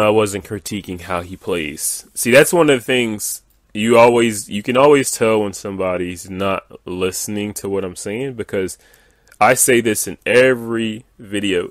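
A man with a very deep voice rants as he reads through viewer comments, exasperated and dismissive, with many "like" and "uh" fillers. The recording is dry and close to the mic. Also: no echo. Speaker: gaming video creator.

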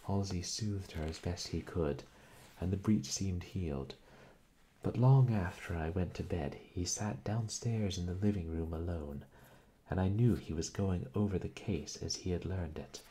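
A man narrates a classic novel in a measured, even way. His voice is deep and husky, and he reads slowly. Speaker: audiobook reader. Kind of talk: reading a novel aloud.

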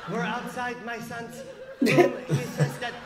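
A woman's voice: a little high, fairly even intonation, a little slow, roomy sound, a loud crowd, heavy background noise, natural voice. A man doing a fussy scolding mom. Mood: hushed documentary. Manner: scolding, insistent. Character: nagging middle-aged mother, fussy and blunt.

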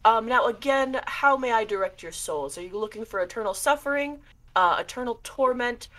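A woman's voice: a little high, lively intonation, moderate pace, sharp tone, pitched above the performer's own voice. A woman doing Blasphemy, a polite giant shade. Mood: courteous. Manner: overly polite, grandly formal. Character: huge top-hatted male shade, courteous and sinister.

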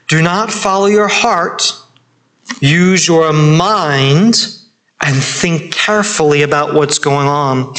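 A man's voice: a little high, a bit bright, poor audio. A man preaching a sermon in church, earnest and emphatic, repeating his key points. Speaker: pastor. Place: church sanctuary.

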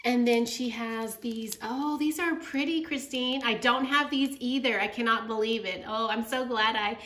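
A woman excitedly opening crafting gifts on camera in a casual, gushing vlog chat. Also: a little high, moderate pace. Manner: gushing, effusive. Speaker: craft vlogger. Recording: echoey room, faint noise.

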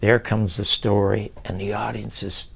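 An older man with a gravelly, rough-edged voice settles into a relaxed interview and tells long stories from his career. He is lively and animated, and slips into the voices of the people in his tale. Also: fairly low pitch, normal speed. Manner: animated, acts out past conversations. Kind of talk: casual storytelling interview.

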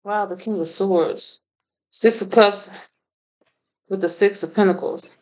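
A woman's voice: medium pitch, fairly even intonation, measured pace, a little mellow, rough recording. A woman doing a casual tarot reading, blunt and profane, laughing often. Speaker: tarot reader.

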